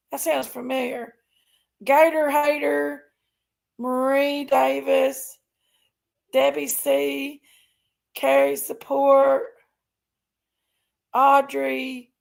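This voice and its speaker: A woman's voice: high-pitched, gravelly. A woman chatting casually on a livestream, reading out viewer names and thanking members. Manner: reads out viewer names, thanks members, vents about her sister. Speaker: livestream host.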